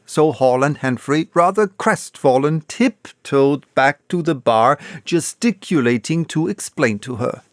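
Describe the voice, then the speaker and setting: A man reading a classic novel aloud, unabridged, with slow, expressive storytelling. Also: medium pitch, dry recording, studio quality. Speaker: audiobook reader.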